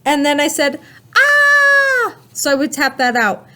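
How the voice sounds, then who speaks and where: A slightly high-voiced woman teaching a recorded writing lesson to young children. She speaks slowly and in an animated, sing-song way, often asking questions of her class. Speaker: kindergarten teacher.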